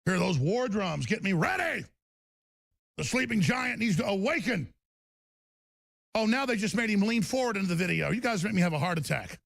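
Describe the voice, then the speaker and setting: A middle-aged man hosting talk radio, delivering an agitated, shouting rant. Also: high-pitched, animated, moderate pace, vocal fry, pauses often, dry recording. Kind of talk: angry on-air rant.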